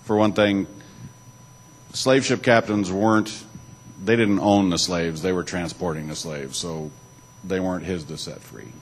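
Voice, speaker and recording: Low-voiced man giving a church talk. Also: unhurried, a little hiss or hum, poor audio. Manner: alternates reading a text with loose asides, some restarts. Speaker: church speaker. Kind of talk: informal church talk reading aloud.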